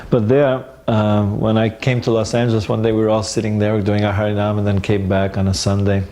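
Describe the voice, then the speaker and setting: A man recalling old memories in a casual, animated storytelling way, acting out the dialogue and often stopping to restart. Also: fairly low pitch. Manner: halting, with restarts and fillers.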